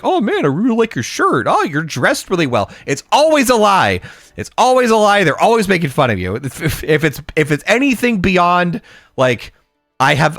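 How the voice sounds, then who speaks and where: A man in his thirties telling a story on a casual podcast, rambling with many fillers and swearing, breaking into loud outbursts. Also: a little high, no echo, studio quality. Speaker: podcast co-host.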